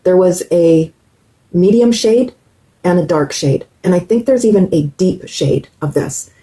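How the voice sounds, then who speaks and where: A middle-aged woman with a husky, slightly low voice chats through a makeup tutorial. She is enthusiastic and talks straight to her viewers, with a mellow tone. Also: measured pace, rough recording. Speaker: beauty vlogger. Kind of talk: casual makeup tutorial chat.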